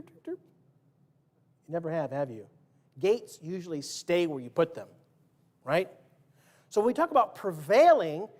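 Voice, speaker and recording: This preacher's voice is high-pitched yet darkish in tone. Speaking from a church sanctuary, he jokes casually, tests the congregation with questions, and performs quotes and sound effects.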